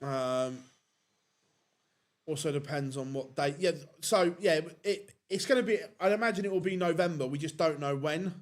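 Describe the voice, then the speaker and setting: A man's voice: a little high, moderate pace. A man giving casual live commentary on a darts tournament, chatting and answering viewer questions.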